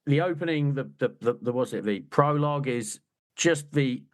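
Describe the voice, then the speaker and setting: A man's voice: medium pitch, moderate pace. A man co-hosting a podcast, chatting casually about a football book with a wry, joking manner. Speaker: podcast co-host. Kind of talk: casual chat.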